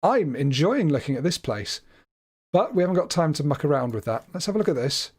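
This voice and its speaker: A man's voice: on the high side, sing-song, a little fast, a little mellow, husky. Chatty man thinking aloud on a stream. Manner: chatty, hesitant, stumbling over words while puzzling things out. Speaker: livestream host. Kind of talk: live game commentary, thinking aloud.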